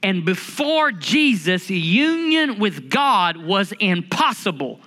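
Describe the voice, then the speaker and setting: A man preaching a sermon, lively and humorous, stretching out key phrases for emphasis. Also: high-pitched, slow. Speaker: pastor.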